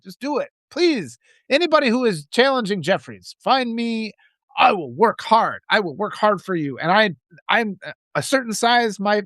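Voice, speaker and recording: A man with a high, somewhat bright voice hosts a political livestream, reading viewer comments and ranting in a profane, riled-up way with lots of restarts. The sound is clean studio audio with no echo.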